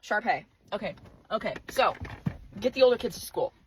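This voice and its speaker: A young woman, a single mother of five, ranting angrily and profanely in a vlog, swinging between loud outbursts and muttered asides. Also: mid-range voice, lively intonation, moderate pace, background noise. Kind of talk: angry vlog rant.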